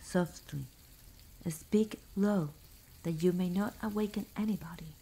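A woman voicing wary, greedy male thieves in a whispered role-play, hushed and nervous. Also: lowish voice, measured pace, breathy edge, poor audio.

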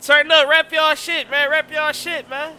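High, bright-voiced excitable male streamer. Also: a little slow. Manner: excitable, slangy, shouts out viewers. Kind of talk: casual live-stream chat.

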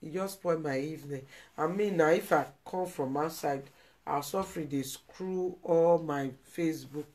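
A woman's voice: low-pitched, measured pace, a little mellow. A Nigerian woman hosting a live video, speaking in an emotional, pleading way and repeating herself. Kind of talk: emotional live-stream commentary.

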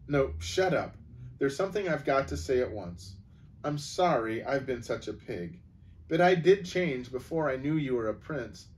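A man reading aloud and voicing a proud, quick-tongued young noble girl who talks in a bright, urgent way. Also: medium pitch, expressive, voice pushed up, lightly acted. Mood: earnest. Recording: voice from a distance.

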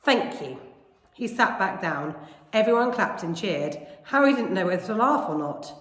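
Woman teacher, expressive read-aloud storytelling; echoey room with long reverb. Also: medium pitch, moderate pace. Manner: expressive storytelling, lively name calls. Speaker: primary school teacher. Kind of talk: reading a children's novel aloud.

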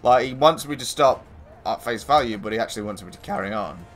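A man's voice: mid-range voice, animated, quick pace, fairly bright tone, faint music behind. A man streaming a shooter game, chatting casually with a friend and teasing him with frequent swearing. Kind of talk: casual gaming chat.

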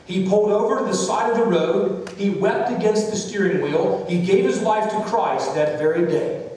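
A man's voice: sits high, moderate pace, darkish tone, close to an everyday voice. A man voicing an earnest young former soldier, quoting him in a story. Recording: echoey church hall, distant mic.

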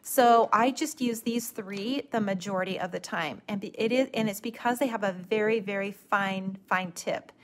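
A middle-aged woman teaching a watercolor stamping technique in a live craft demonstration, talking in a relaxed, gently instructive way and often restarting her sentences. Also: mid-range voice, moderate pace, hardly any pauses, a little hiss or hum.

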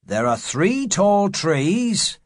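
A man voicing a greedy, defiant pirate leader who talks in a forceful, blustering way in an audiobook. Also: sits high, very animated, drawn-out words, no echo, studio quality, voice pushed up, heavily acted. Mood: scheming.

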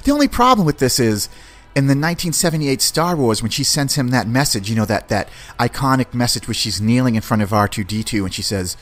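A man's voice: mid-range voice, lively intonation, a little fast. Casual guy hosting a podcast, hyped and slangy, rambles on, faint music behind. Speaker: podcast host. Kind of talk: casual film review.

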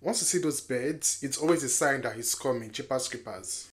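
A movie reaction vlogger chatting casually, talking back to the screen and shouting warnings at the characters. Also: mid-range voice, normal speed, slight background noise. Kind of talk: casual live reaction to a film. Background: film soundtrack music playing.

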